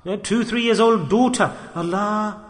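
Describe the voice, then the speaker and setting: A man preaching a sermon with passion, swinging between loud calls to the listeners and hushed asides. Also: high voice, moderate pace. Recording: echoey hall with long reverb.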